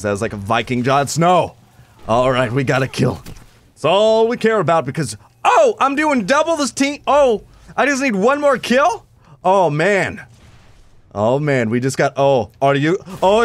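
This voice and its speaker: A man giving live commentary over his own gameplay, excitable and prone to yelping and shouting at the game. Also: mid-range voice, normal speed. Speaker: gaming YouTuber.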